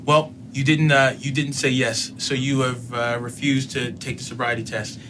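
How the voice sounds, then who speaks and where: A man's voice: medium pitch, little pitch movement, moderate pace, noisy background. A middle-aged man telling a personal story in casual speech, acting out both sides of a conversation.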